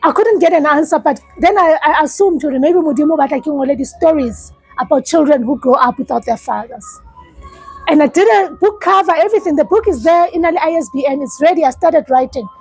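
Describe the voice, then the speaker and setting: A South African woman, a life coach, giving an earnest, halting personal testimony in a support session and often repeating herself. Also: high voice, lively intonation, darkish tone, dry recording, poor audio.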